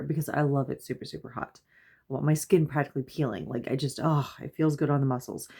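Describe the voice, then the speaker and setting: A woman in her thirties with a notably low voice, chatting at home in a loose, rambling vlog. She laughs often and gets lively when she quotes herself. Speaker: mother and vlogger. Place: at home before bed.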